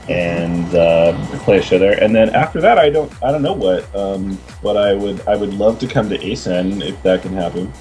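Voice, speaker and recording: A man's voice: low-pitched, a little mellow. A man from Portland, a musician guest rambling through stories with lots of fillers. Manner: chatty, rambling storyteller with many fillers. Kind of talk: casual podcast chat.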